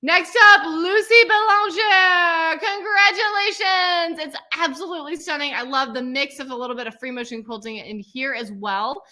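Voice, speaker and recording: A woman hosting a quilting class celebration, gushing with praise and calling out each student's name with a loud cheer. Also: a little high. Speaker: quilting teacher and host. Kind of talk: livestream celebration of student work.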